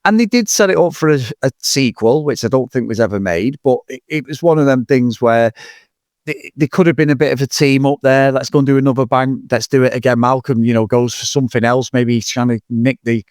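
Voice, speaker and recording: A man's voice: mid-range voice, brisk, a little mellow, dry recording, clean studio sound. A man in his forties, co-hosting a casual film review chat, rambling, swearing and laughing a lot. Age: 40s. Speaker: podcast co-host.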